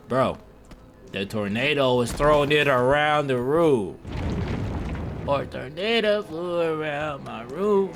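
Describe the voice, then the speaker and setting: A young man giving casual, profane, self-mocking commentary over his gameplay. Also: medium pitch.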